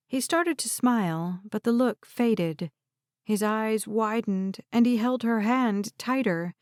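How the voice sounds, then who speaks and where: A woman narrating an audiobook in an even, unhurried reading style. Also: medium pitch, dry recording, clean studio sound. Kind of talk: scripted narration.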